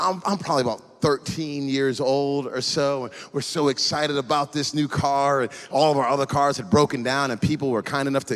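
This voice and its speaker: A man preaching a sermon as a pastor, telling personal stories with animated delivery and frequent repeated starts. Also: mid-range voice. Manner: animated storytelling with many restarts.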